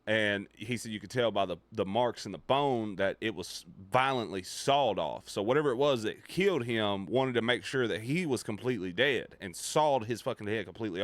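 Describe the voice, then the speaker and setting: Man, livestreamer, low voice, dry close sound, swears freely, hushes for suspense. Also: dry recording. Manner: profane, animated, drops his voice low and quiet for suspense. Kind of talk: casual storytelling to a live chat.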